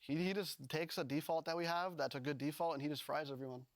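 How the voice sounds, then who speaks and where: A man answering interview questions as a pro player, in a casual, halting way with many fillers. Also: on the high side, no room sound. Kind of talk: post-match interview answers.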